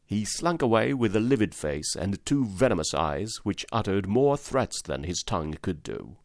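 A male audiobook narrator with a fairly low voice reads a classic story in measured, even narration. The recording is dry and close, with no room sound. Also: dry recording. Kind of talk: scripted narration.

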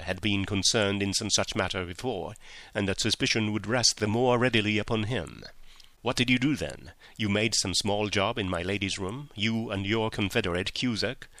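A man playing a cool, commanding detective in an audiobook, speaking quietly and sternly with measured control. His voice sits low with a bright, forceful edge, recorded close and dry. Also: no room sound. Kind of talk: audiobook character reading.

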